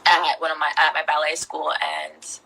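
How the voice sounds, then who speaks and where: A woman's voice: low-pitched, sing-song, normal speed, creaky, pushed and bright, a little hiss or hum, poor audio. A young woman chatting as a guest in an interview, playful and self-deprecating, laughing often. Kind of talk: casual interview chat.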